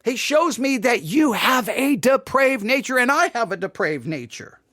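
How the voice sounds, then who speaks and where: Man, Bible teacher, high voice, very lively pitch, dry close sound, earnest and emphatic, repeats himself. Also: normal speed, no room sound. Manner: earnest, emphatic, with frequent repetitions and restarts.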